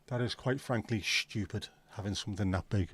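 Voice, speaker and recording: A middle-aged man hosts a casual livestream from home, near a window, chatting and reading viewer comments aloud in a sweary, easygoing way. His fairly low voice is husky and a bit bright, and he talks fairly quickly.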